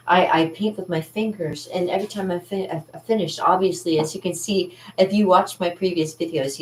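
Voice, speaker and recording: A woman's voice: mid-range voice, a little mellow, a little hiss or hum. A woman painter chatting casually in her studio, rambling and laughing as she shows her work. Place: art studio indoors. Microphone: camera mic, moving around the room. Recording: roomy studio, voice from a distance.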